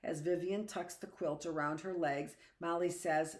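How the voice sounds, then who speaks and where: A woman teacher reading a novel aloud in a steady, unhurried way. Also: lowish voice.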